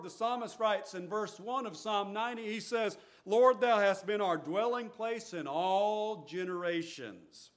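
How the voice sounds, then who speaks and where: A man's voice: sits high, a bit bright. A man preaching a sermon, reading scripture aloud and explaining it with earnest restarts. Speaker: pastor.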